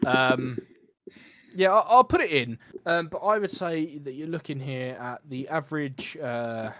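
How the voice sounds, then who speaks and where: Man, podcast co-host, slightly high voice, halting reading, dry close sound. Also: animated, fairly bright tone, no room sound. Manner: stumbles over the text while reading, laughing often. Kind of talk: casual chat, reading aloud.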